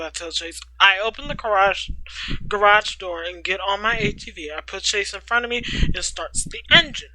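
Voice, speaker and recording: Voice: medium pitch, moderate pace, sharp tone, poor audio. A storytime host reading a fan story aloud, stopping often for playful, slangy comments and laughs. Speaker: storytime reader.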